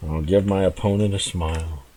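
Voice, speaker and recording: A man giving relaxed, rambling commentary while playing a game, chuckling and restarting his thoughts as he goes. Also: deep voice, normal speed, slight background noise. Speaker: gameplay commentator. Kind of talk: casual gameplay commentary.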